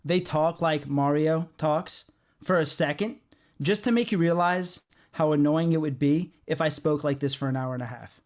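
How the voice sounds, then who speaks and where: A man hosting a comics podcast who lays out his views firmly. His voice sits a little high for a man. He fills his pauses with ums and uhs as he goes. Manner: assertive, explains at length with fillers. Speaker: podcast host. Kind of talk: casual chat.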